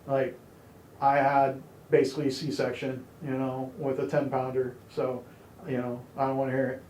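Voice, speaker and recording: A man's voice: mid-range voice, completely flat delivery, normal speed, a little mellow, slight background noise. Candid man telling his testimony, roomy echo. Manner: candid, conversational, wry humor, many "you know"s. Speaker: church member sharing his testimony. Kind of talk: personal testimony storytelling.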